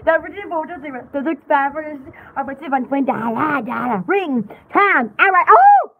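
A young woman hosting a live-stream jewelry party, chatting casually in an excitable, rambling, giggly way. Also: high voice, normal speed, phone-quality sound, a little hiss or hum.

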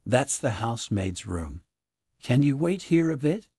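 A man reading as a composed detective, measured and commanding, in a husky, hushed-sounding voice. The sound is dry and close, with no room around it, as if read in a storybook recording. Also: mid-range voice, sing-song, no echo, full character voice. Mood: calm. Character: calm, sharp male detective.

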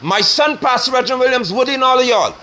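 Fiery preacher, high and lively. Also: male voice, quick pace. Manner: forceful, scolding, preaching. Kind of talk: fiery online sermon.

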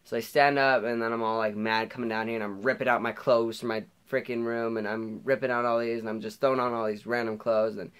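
A man's voice: medium pitch, level tone, fast talker, hardly any pauses, fairly bright tone, clear, resonant tone. A teenage boy telling a storytime vlog, rambling with lots of hedges and self-corrections. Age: teens. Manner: rambling, many fillers and restarts. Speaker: vlogger. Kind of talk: storytime monologue.

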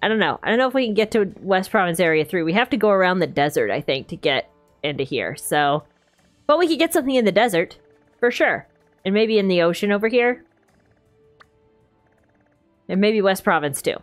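A woman's voice: mid-range voice, a little fast, long pauses, soft background music. A woman streamer giving casual, chatty commentary over gameplay while talking to her chat. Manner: chatty, animated, talks to chat.

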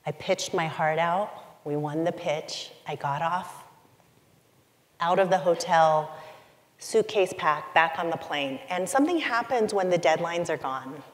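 Middle-aged woman keynote speaker, lower voice, unhurried confessional storytelling, long hall reverb. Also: animated. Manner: confessional, emotive, deliberate pauses. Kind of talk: personal storytelling talk.

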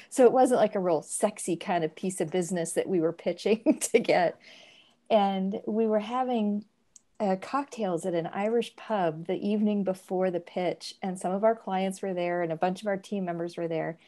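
Mellow woman telling an amused story. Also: medium pitch. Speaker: audience member asking a question. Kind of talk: casual storytelling on a video call.

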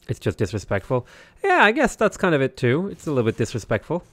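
A man's voice: medium pitch, wildly swooping pitch, quick pace, few pauses, fairly bright tone, dry recording. A man with an Irish accent, chatting loosely while streaming a strategy game and reading viewer comments, full of "like" fillers and restarts. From Ireland. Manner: rambling, many "like" fillers and restarts. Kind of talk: casual livestream commentary.

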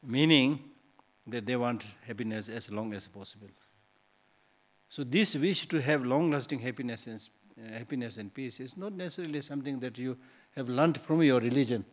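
Man giving a lively dharma talk. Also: medium pitch, normal speed. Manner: conversational, teasing, rhetorical questions. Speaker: Buddhist teacher. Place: teaching hall.

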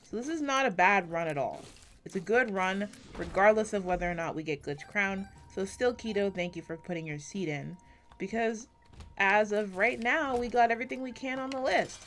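A gaming YouTuber, a native English speaker, rambles casually while playing a video game, mocking herself and swearing often. Her mid-range voice moves at a moderate pace, swinging between quiet and loud on a close desk mic.

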